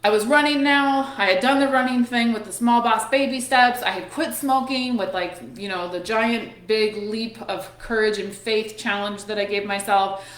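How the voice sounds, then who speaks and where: A woman's voice: fairly high pitch, moderate pace, a bit bright. A woman in her thirties talks candidly in a casual motivational chat. She swears freely and laughs often. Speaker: host. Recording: echoey room.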